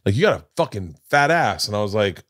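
A man's voice: fairly low pitch, sing-song, fast, a bit bright. A middle-aged man hosting a podcast, telling stories in casual chat and acting out the voices he quotes, with a lot of profanity. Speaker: podcast host.

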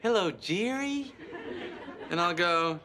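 A man's voice: sits high, lively intonation, takes it slowly, a crowd in the background, noisy background. An actor playing a dry-witted man who delivers wry, incredulous quips in a sitcom scene. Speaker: sitcom character. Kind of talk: sitcom acting.

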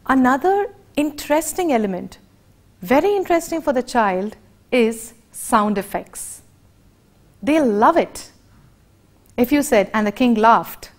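Indian english woman teaching a class, slow careful expressive talk, highish voice. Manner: deliberate, expressive teaching delivery. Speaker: lecturer. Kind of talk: educational lecture.

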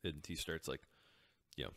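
A man's voice: extremely low pitch, normal speed, vocal fry, fairly bright tone. A man playing a tabletop game, speaking casually with dry sarcasm. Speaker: player.

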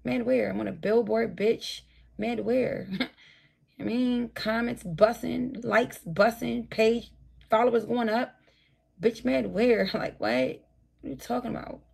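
Woman, late-night livestream rant, profane, tired, husky, slightly high voice. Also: fairly even intonation, slow, darkish tone. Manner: profane, combative, talks straight at her chat. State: tired, burnt out.

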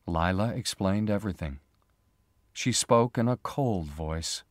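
A man slowly and clearly reading a graded story for English learners, with expressive delivery. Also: sits low, no room sound, clean studio sound. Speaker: narrator.

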